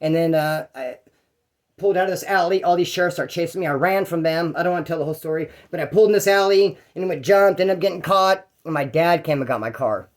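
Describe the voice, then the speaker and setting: A man rattles off a rambling, profane story at a quick clip, jumping in and out of other people's voices. His voice sits high for a man. He speaks casually, with no polish. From California. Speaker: former prisoner telling stories.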